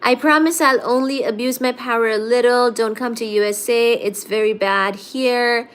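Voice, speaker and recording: A woman's voice: fairly high pitch, fairly even intonation, normal speed, clean tone. A woman hosting a live stream who has a bit of a cold, playfully reading viewer comments aloud and answering them. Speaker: livestream host reading viewer chat. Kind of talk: casual live-stream chat.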